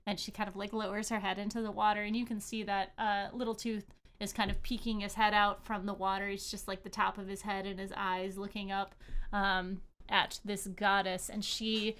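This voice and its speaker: Woman game master narrating, smooth clear voice, lots of ums and pauses. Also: medium pitch, level tone, a bit bright. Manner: hesitant, many fillers and restarts.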